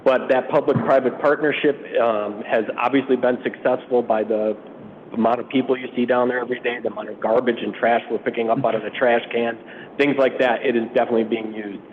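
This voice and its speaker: Brief: man, raspy from allergies, municipal staff presenter, casual and filler-heavy; narrow phone-band sound. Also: steady tone, brisk. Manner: informal, many fillers. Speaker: public works official presenting to city council. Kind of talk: briefing at a council retreat. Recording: phone-like, muffled sound with faint rumble.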